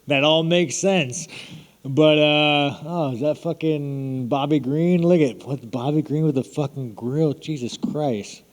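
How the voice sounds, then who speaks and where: American man, higher voice, profane, rambling, joking, long hall reverb. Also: slow pace. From United States. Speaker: fighter at a media scrum. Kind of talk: casual media Q&A.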